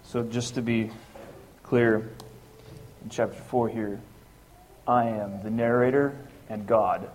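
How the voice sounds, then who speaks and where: A man's voice: lowish voice, fairly even intonation, slow pace, pauses often, a little mellow, slight background noise. A man reading a Bible passage aloud during a church service, matter-of-fact and plain. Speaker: scripture reader.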